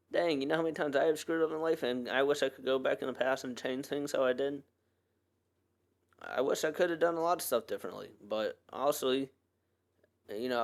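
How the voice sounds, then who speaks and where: Smooth-voiced man rambling on a podcast. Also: mid-range voice. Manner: rambling, loose and earnest, with many fillers and restarts. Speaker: podcast host. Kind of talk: casual solo podcast monologue.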